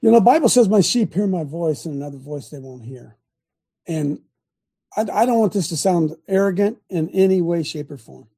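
A man's voice: a little high, lively intonation, moderate pace, warm tone, breathy edge. An older man hosting a talk show, preaching in a folksy, emphatic way and repeating his points, recorded in a small home studio. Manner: folksy, emphatic, repeats phrases, quotes scripture. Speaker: host.

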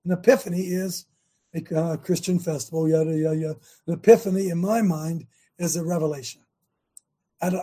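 A man's voice: on the high side, mellow, husky. An older American man hosting a talk show, rallying listeners in a rambling, preachy monologue with many restarts.

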